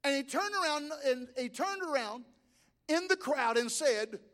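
A male pastor delivers an emphatic sermon in a church sanctuary. His voice sits very high and keeps rising and dropping in pitch and volume. A long reverb trails every phrase. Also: expressive, unhurried, fairly bright tone. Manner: emphatic preaching with sudden rises and drops in pitch and volume.

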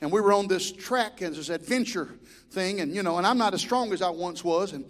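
High-voiced preacher man in a reverberant hall. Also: brisk. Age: middle-aged. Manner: swings from shouting to quiet storytelling. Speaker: pastor. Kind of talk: sermon.

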